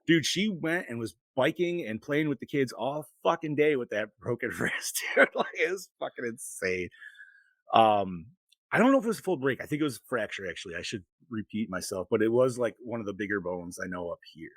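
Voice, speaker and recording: A man's voice: medium pitch, expressive, brisk, no room sound. A middle-aged man co-hosting a podcast, telling long rambling stories full of swearing in casual chat. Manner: profane, rambling storytelling. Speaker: podcast co-host.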